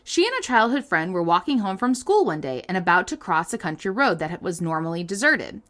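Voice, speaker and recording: A woman's voice: on the low side, very animated, brisk, fairly bright tone. A woman co-hosting a casual podcast, reading listener stories aloud with playful comic asides and frequent laughter.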